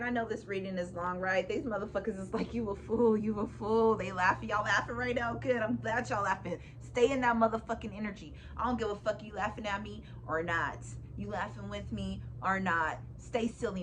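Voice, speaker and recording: Woman reading tarot, swearing, emphatic repeats, frequent laughter, faint background noise. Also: mid-range voice. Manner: profane, emphatic, laughs often. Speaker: tarot reader. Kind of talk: casual tarot reading to viewers.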